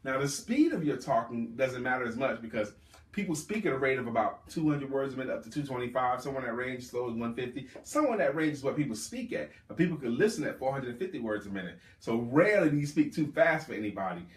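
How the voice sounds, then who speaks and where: A man coaching a live audience on sales, speaking with emphatic, drawn-out stress on key words. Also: medium pitch, expressive. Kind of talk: live sales workshop talk. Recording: roomy, distant mic.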